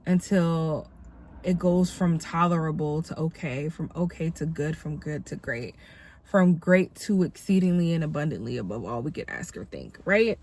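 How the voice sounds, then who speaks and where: A woman's voice: sits low, moderate pace, a little mellow. A tired, congested woman who sounds a little nasal, hosting a casual devotional vlog with a reflective, encouraging manner. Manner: reflective, encouraging, many fillers. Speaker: dancer and vlogger.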